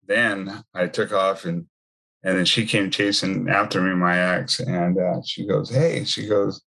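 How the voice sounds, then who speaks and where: A man's voice: deep voice, flat delivery, measured pace, vocal fry, pushed and bright. A man giving a personal faith testimony in a conversational storytelling way, full of asides. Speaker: speaker sharing his testimony.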